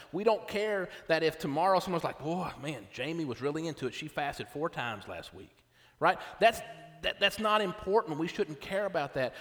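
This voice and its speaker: A man's voice: fairly high pitch, a bit bright. A middle-aged male pastor preaching a sermon in a casual, conversational way, often checking in with "right?". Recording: long reverb of a hall.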